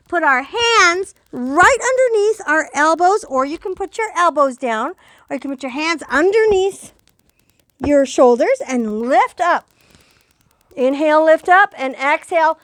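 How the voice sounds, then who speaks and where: A woman's voice: sits high, animated, measured pace, a bit bright, dry recording, studio quality. An older woman, a grandmother, leading a children's yoga lesson with a cheerful, playful coaching voice. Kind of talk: guided kids' yoga lesson.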